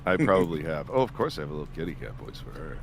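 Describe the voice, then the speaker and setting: A man's voice: a bass voice, big pitch swings, very fast, creaky, a loud crowd. A man on a fan panel, chatting casually and joking at his own expense. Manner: joking, self-mocking, with laughs. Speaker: voice actor on a panel.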